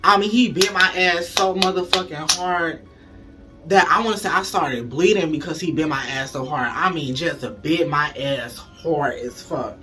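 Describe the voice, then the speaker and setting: A man telling a story to his viewers in a casual, animated way, swearing a lot and calling them y'all. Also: a little high, moderate pace, music in the background. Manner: animated, profane, keeps addressing the audience as y'all. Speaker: storytime vlogger.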